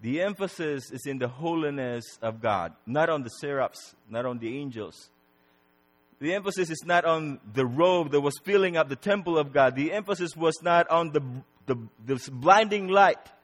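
Emphatic male preacher, slightly high voice. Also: normal speed, in a large hall. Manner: emphatic, repeats words for weight, swells loud then drops soft. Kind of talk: sermon.

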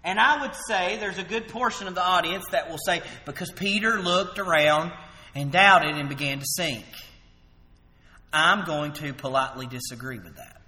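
A male preacher delivers an evening sermon with animated swings, pushing loud on his points and sinking quiet for quoted words. His voice is bright and edged, sitting a little high. The sound rings on in a reverberant hall. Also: moderate pace.

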